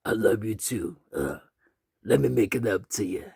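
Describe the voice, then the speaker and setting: A man voicing a remorseful old husband who apologizes in a subdued, soft-spoken way in a spoken story. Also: fairly low pitch, expressive, moderate pace, creaky, slightly rough, no room sound, clean studio sound, heavily acted.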